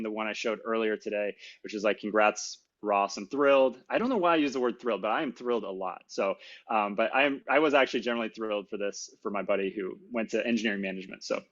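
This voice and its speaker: A man's voice: lowish voice, fast, fairly bright tone, highs cut off. A middle-aged man giving a casual, self-deprecating technical conference talk, with many fillers. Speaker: conference speaker.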